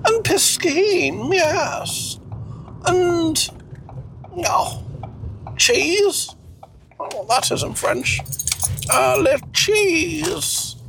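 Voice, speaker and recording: A man voicing a doddering elderly husband with a high, warbling voice and shouty outbursts. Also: sing-song, extremely slow, gravelly, pauses often, slight background noise, exaggerated voice. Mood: flustered. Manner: high warbling, shouty bursts, mangled French.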